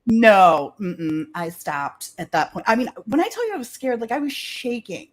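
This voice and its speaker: A woman co-hosting a casual chat, telling a story with lively acted-out dialogue and frequent laughter. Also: a little high, normal speed. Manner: animated storyteller who acts out dialogue and laughs often. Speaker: podcast co-host telling a story.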